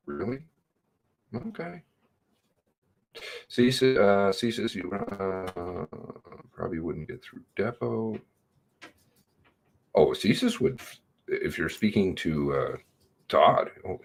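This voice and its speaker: A man's voice: low-pitched, expressive, slow, vocal fry, pauses often, breathy edge. A man hosting a casual livestream, greeting viewers by name and reading chat with a sardonic drawl.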